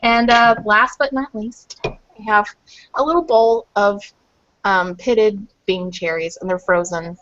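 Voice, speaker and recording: A woman's voice: medium pitch, steady tone, measured pace, fairly bright tone. Woman, group call guest, chatty and rambling, muffled webcam sound. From Louisville, Kentucky. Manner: chatty, rambling with many fillers. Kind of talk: casual chat.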